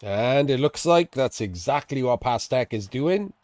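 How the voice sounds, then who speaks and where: A man casting a live tabletop-style video game match, chatty and excitable, laughing and swearing casually as he explains the plays. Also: medium pitch, a little slow, no room sound. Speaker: esports commentator.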